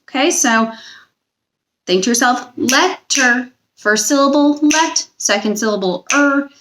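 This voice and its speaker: Her voice sits on the high side and is a bit bright, with a faint hiss or hum in the recording. As a young teacher giving children a recorded spelling lesson, she speaks patiently and slowly, stretching each word out.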